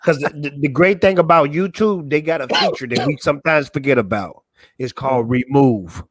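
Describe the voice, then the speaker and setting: A man's voice: on the high side, normal speed. A man chatting casually as a guest on a live stream, laid-back, laughing often and stretching words for emphasis. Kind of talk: casual chat.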